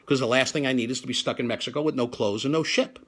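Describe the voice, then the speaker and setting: A man's voice: mid-range voice, fast, a bit bright. A man, hosting a comedy show and delivering a stand-up routine with punchy timing. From New York. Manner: punchy joke delivery, laughing at own lines. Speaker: comedian host. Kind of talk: stand-up routine on a live stream.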